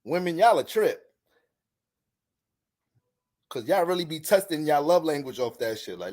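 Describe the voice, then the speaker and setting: Astrology guy just rambling, lots of cussing, slightly high voice, trips over his words. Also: a little slow, pauses often. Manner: profane, animated, rambling, restarts often. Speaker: astrology content creator. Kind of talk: casual monologue vlog.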